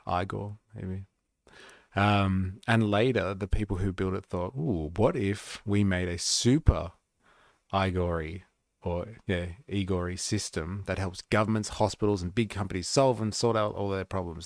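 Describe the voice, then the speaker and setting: A man with an Australian accent and a very low, gravelly voice hosts a livestream. He reads and riffs in loose, rambling commentary full of filler words, and his voice sits close and dry with no room around it. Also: little pitch movement, normal speed, dry recording. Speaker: livestream host. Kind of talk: casual commentary while reading and reacting to a video.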